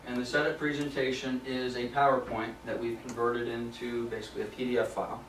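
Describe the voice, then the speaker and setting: A man's voice: mid-range voice, little pitch movement, brisk, a bit bright, distant mic, slight background noise. Man teaching a training class, roomy. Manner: conversational, repeats "okay?" to check in. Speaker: property management trainer. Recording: roomy sound from off mic.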